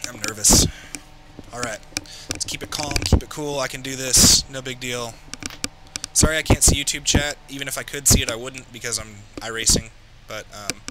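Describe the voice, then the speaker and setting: A man's voice: medium pitch, heavy background noise. A man streaming a racing game, talking to himself while driving and grumbling about a crash. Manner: talks to himself while driving, frustrated and ranting. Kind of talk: live gameplay commentary. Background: loud music.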